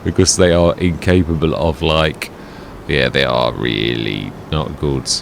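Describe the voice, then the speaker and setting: Man, chatty, self-correcting, gameplay commentary, low gravelly voice. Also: unhurried, a little hiss or hum. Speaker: gaming let's play host.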